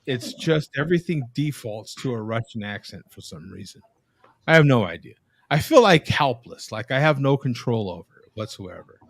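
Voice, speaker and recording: A man's voice: mid-range voice, big pitch swings, moderate pace, vocal fry, no echo. A man hosting a live web show from a video call, chatting casually and explaining things to his viewers. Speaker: host.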